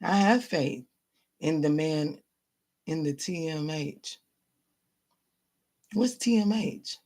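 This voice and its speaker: A woman's voice: sits low, takes it slowly, a little mellow. Woman tarot reader, live-stream chat, frank and profane, leans on "baby" and "honey", hammers points home by repeating them. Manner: blunt, profane, calls listeners baby and honey; emphatic, repeats lines for stress. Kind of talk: casual live-stream reading, answering viewers.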